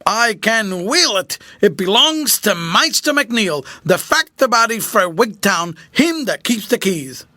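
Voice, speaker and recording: A man's voice: high voice, sing-song, pushed and bright, no echo, clean studio sound, pitched above the performer's own voice, full character voice. A man voicing a dogged, superstitious Scots countryman in a broad Scottish accent, drawling his dialect words. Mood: musing. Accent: Scottish, put on. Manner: broad dialect, slow and grumbling.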